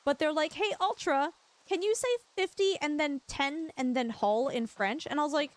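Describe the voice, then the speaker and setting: High-voiced bubbly woman streamer. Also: normal speed. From Canada. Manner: bubbly, giggly, chatty with viewers. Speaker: livestream gamer. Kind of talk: casual livestream chat.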